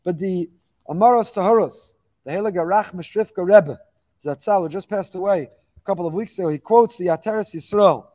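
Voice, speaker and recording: A man giving a weekly Torah lecture as a rabbi, talking fast and exhorting his listeners with rising passion. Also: sits high, dark tone. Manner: fast-talking, admits reading quickly; impassioned, exhorting with rising emphasis.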